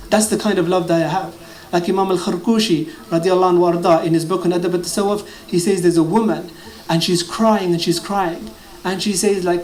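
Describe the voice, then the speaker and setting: A man's voice: high-pitched, steady tone, fairly quick, darkish tone. A man with a British accent preaching a sermon, quoting Arabic narrations and translating them into English. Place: mosque gathering hall. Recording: echoey hall with faint ambient noise.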